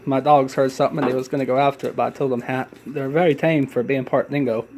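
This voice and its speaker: A man with a stuffy, congested voice talks casually while he films his animals in a dim room at home. His pitch sits in the middle for a man, and he chats in a relaxed way with small apologies along the way. A faint hum of room noise sits behind him. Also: fast. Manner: relaxed, chatty, apologetic asides. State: congested from illness. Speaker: pet keeper filming his animals. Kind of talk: casual narration while filming. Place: home, dimly lit room with tanks.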